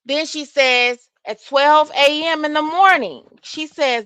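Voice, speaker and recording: A woman reads text messages aloud and reacts to them. Her tone is bright and animated, and she exclaims as she goes. The sound is close and dry. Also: high-pitched, takes it slowly, few pauses, no room sound. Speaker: host.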